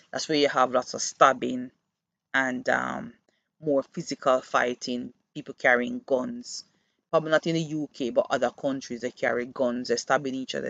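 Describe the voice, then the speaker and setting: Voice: medium pitch, fairly bright tone, no room sound. A podcast host who works with children gives an earnest, reflective monologue and explains through classroom stories. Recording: dull, muffled dry recording.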